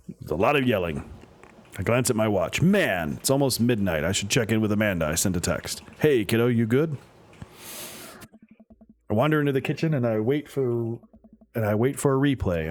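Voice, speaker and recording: A man reading a story game aloud for a let's play, voicing the dad character, with playful joking asides. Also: lowish voice. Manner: playful, joking asides between read lines.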